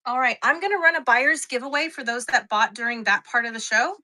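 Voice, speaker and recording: Woman, bright voice, slightly high, chatty live-stream seller, self-mocking. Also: brisk. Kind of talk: live-stream selling chat.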